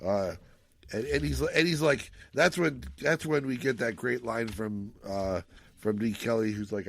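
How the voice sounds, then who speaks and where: A man with a gravelly, creaky voice hosts a casual film podcast. He rambles in an animated way and acts out the lines he quotes. The sound is dry and close. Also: medium pitch, unhurried, no room sound. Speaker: podcast host.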